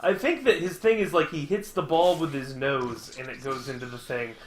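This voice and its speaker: A man's voice: fairly high pitch, normal speed, a little hiss or hum. A young man streaming a game, telling a long rambling story full of fillers and laughter. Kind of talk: casual gameplay chat. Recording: echoey room.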